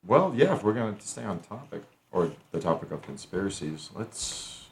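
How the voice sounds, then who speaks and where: A man guesting on a podcast in casual chat, joking with quick profane remarks. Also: on the low side, very animated, gravelly, a little hiss or hum.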